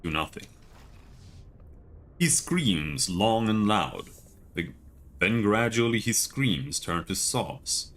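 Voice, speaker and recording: A man streaming a video game, reading its text aloud in a steady, measured way with casual asides. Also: lowish voice.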